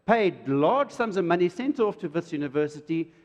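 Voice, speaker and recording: A middle-aged man, preaching a sermon in an animated way and acting out quotes. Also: a little fast. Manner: animated, jumps to loud high emphasis and acts out quotes. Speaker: pastor. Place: church hall. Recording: reverberant church hall.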